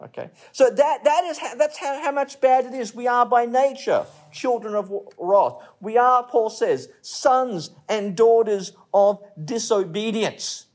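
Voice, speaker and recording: A man's voice: very high voice, a little slow, hardly any pauses, darkish tone. A man preaching a sermon in a conversational way, repeating phrases and telling stories with light humor. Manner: conversational, repeats phrases, restarts mid-sentence; tells stories and jokes lightly.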